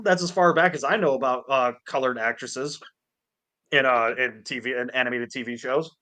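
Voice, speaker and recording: Brief: male podcast co-host on a call, bright, punchy, profane ranter. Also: mid-range voice, moderate pace. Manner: ranting, heavy swearing, animated impressions. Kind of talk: casual chat. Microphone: Discord call.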